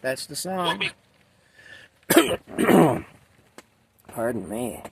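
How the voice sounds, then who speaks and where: A hoarse man with a sore throat, rambling in a folksy way as he chats with a cow companion and often adds "eh". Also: medium pitch, big pitch swings, very slow, slight background noise. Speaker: video host reacting to a song. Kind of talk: casual chat to a toy cow.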